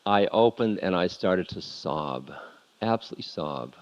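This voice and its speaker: A spiritual lecturer telling a confessional story candidly and laughing at himself, heard on a muffled lo-fi tape. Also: male voice, low-pitched, lively intonation, measured pace.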